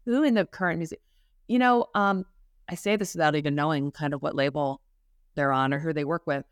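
A woman's voice: sits low, a little fast, smooth, dry recording, studio quality. A middle-aged woman, a music business professor, talking earnestly and thoughtfully in a podcast interview, with some restarts and fillers.

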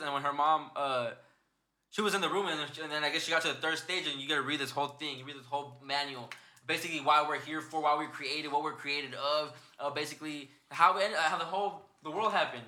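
A man's voice: fairly high pitch, bright, forceful tone. A young man hosting a podcast in casual chat, rambling and swearing as he retells stories. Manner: rambling, profane, retells stories with put-on quotes. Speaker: podcast host.

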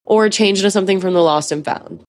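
A woman's voice: medium pitch, quick pace, close to an everyday voice. A woman voicing a stern middle-aged female school principal who talks in a curt, scolding way.

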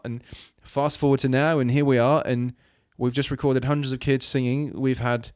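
A man's voice: medium pitch, level tone, normal speed, hardly any pauses, a little mellow, dry recording, studio quality. A man from Wales, a guest on an interview, talking earnestly and rambling with many restarts and fillers. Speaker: guest, children's ministry leader. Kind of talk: casual interview talk.

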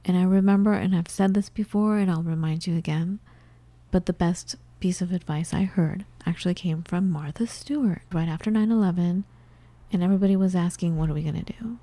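A woman with a fairly low, mellow and warm voice, chatting as a co-host. She tells personal stories in a lively way and acts out the back-and-forth of conversations. The sound is dry and close. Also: brisk, no echo. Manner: storytelling, animated retelling of conversations. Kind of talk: casual chat.

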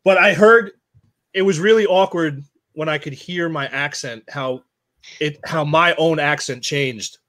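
A man's voice: fairly high pitch, unhurried, a bit bright, dry recording. A man from Long Island chatting on a podcast, blunt and swearing freely as he tells stories. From Long Island, New York. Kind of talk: casual profane chat.

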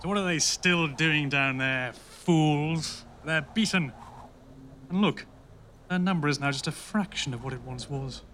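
An actor playing a pompous, scheming king in a comedy audio drama, blustering and quick to rage. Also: on the high side, fairly bright tone, a little hiss or hum. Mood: smug. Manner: bombastic, blustering. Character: pompous scheming male king, easily enraged.

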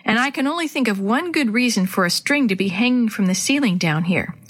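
A frightened young girl from a children's storybook, timid and brave at once, as a woman reads her part. She talks herself through her fear out loud. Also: fairly high pitch, expressive, a little fast. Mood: worried, hopeful.

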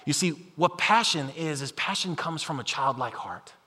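Male preacher with a high, bright voice, lively and chatty delivery, long hall reverb. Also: normal speed, breathy edge. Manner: animated, conversational, acts out imagined voices. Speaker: pastor. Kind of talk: sermon.

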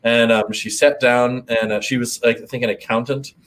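A man in casual conversation, speaking thoughtfully and hesitantly, often pausing to search for words. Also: mid-range voice, steady tone, a bit bright. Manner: hesitant, many fillers and restarts, thoughtful. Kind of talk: casual chat.

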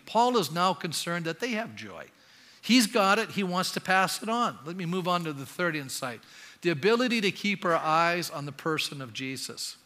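A man's voice: on the high side, pushed and bright. An older man preaching a sermon as pastor, talking conversationally and often asking the congregation questions. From Canada. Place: church sanctuary. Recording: long hall reverb.

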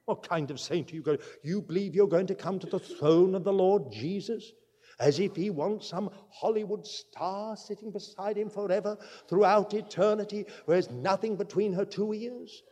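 A man preaching a sermon, emphatic, swinging from loud declarations to quiet asides. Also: high-pitched, moderate pace, long reverb tail.

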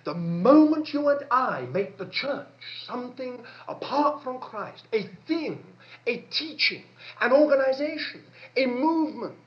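A man's voice: very high voice, sing-song, measured pace. A man preaching a sermon with emphatic delivery, repeating phrases for stress. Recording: dull lo-fi sermon recording.

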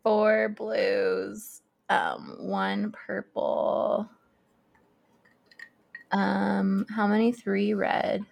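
Woman, podcast co-host, unhurried delivery with a gravelly fry, eager and puzzling things out aloud. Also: medium pitch, little pitch movement. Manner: eager, thinks out loud. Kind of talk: casual chat, solving puzzles aloud.

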